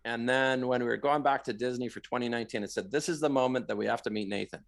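A middle-aged man from Canada, a guest in an interview, telling stories animatedly and bursting into loud quoted lines. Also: medium pitch, fast talker, gravelly. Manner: animated storyteller who shouts out quoted lines. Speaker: guest, marathon runner. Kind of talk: storytelling in a podcast interview.

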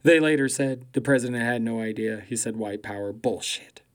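A man doing a profane comedic political rant, swearing constantly, mocking loudly and laughing at his own jokes. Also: medium pitch, moderate pace.

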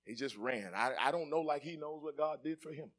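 A man preaching with a high voice that is bright and ringing. He drifts from quiet, joking talk with the congregation to loud shouted preaching. He is a middle-aged pastor. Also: a little fast. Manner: swings from soft conversational asides to shouted preaching; jokes with the congregation, laughing. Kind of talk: sermon.

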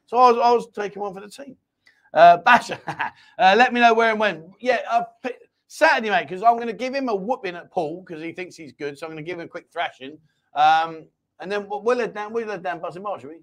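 A man's voice: sits high, a little fast, fairly bright tone. A man hosting a casual live-stream chat show from a small home studio, jokey and rambling as he reads out viewer comments. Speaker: host.

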